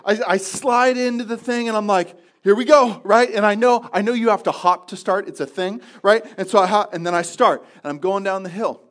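A high-voiced man pastor delivers a sermon as a relaxed, humorous story. He pokes fun at himself in a chatty way and often stumbles over his words to restart his sentences. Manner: self-deprecating, chatty, many restarts.

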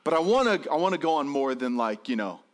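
A man voicing his nervous young son, a boy of almost ten who talks in a high, whiny, breathless rush. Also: sing-song, quick pace. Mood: pleading.

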